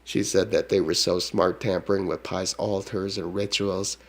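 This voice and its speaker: A man's voice: low voice, level tone, normal speed. A man in a rambling, repetitive monologue, taunting and tacking "duh" onto his lines. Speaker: self-proclaimed shaman.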